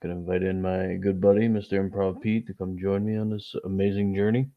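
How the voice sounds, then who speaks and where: Deep, flat-voiced man hosting sports talk. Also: fairly quick, dry recording, narrow, tinny audio. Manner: low-key, teasing, soft-spoken. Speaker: host. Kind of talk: casual sports chat.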